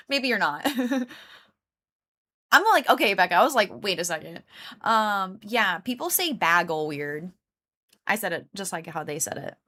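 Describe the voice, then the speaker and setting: A chatty woman streamer talking with her live chat in an unhurried, easygoing way. Her voice is bright and clear, and her talk rambles, full of "like" fillers and quick laughs. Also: mid-range voice, expressive. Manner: chatty, laughs often, greets and answers chat.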